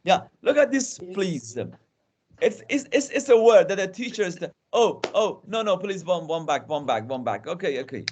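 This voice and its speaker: Man lecturing online, fairly high voice. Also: lively intonation, normal speed, darkish tone, slight background noise. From Iran. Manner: interactive, often restarts and repeats words. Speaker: guest lecturer. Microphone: video call.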